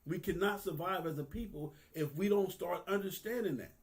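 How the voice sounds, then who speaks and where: A man's voice: sits high, normal speed. Earnest man in his fifties preaching. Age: 50s. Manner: earnest, preachy, repeats phrases for emphasis; profane, street-casual talk. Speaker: vlogger. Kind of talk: candid spoken monologue.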